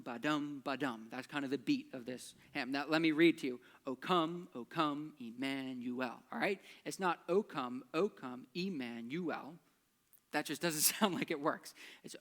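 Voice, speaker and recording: A man's voice: fairly high pitch, fairly bright tone. A man, a church pastor, giving a chatty teaching talk on a hymn's words and rhythm, tapping out beats aloud.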